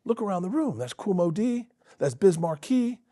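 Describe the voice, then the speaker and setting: A middle-aged man telling a long funny story as a guest on a talk show, acting out the other people's voices and laughing loudly. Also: high voice, big pitch swings, moderate pace, no room sound, studio quality. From Florida. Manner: acts out quoted voices, loud bursts of laughter. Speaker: comedian guest.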